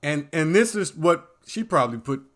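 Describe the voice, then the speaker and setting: A man giving casual reaction commentary, rambling, repeating "man" and restarting phrases, swinging from loud animated bursts down to low muttering. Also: moderate pace. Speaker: commentary vlogger.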